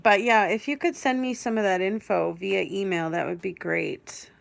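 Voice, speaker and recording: A woman's voice: mid-range voice, steady tone, moderate pace, gravelly. A tearful woman hosting a casual livestream from her couch, rambling emotionally and laughing things off while talking to viewers through a headphone mic. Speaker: livestream host. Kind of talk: casual live chat with viewers. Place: at home on a couch.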